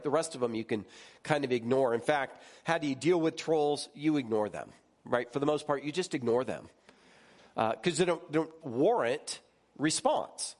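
Man, pastor, relaxed chatty sermon, middling pitch, animated, keeps asking the room "right?". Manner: lively, jumps higher when recounting stories. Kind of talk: conversational sermon.

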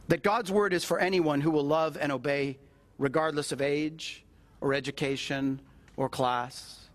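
A middle-aged man, a pastor, preaching a sermon in a conversational way and repeating phrases for emphasis. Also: fairly high pitch.

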